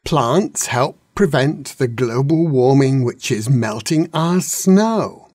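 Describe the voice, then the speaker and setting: A man voicing a gentle, fretful green dragon patiently explaining in a storybook reading. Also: medium pitch, expressive, slow pace, no room sound, clean studio sound. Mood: worried.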